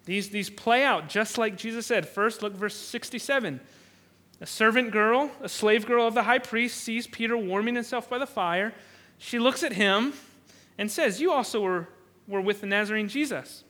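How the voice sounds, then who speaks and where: A man's voice: very high voice, animated, normal speed, sharp tone. A man preaching an expository sermon who often repeats words while he thinks and acts out the quoted lines. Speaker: pastor.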